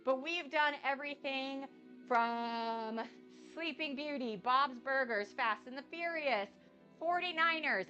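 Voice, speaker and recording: Woman, cooking streamer, casual live chat, bubbly, effusive, home kitchen, crisp clear voice. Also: high voice, bright, forceful tone, highs cut off. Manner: bubbly, effusive, thanks viewers over and over.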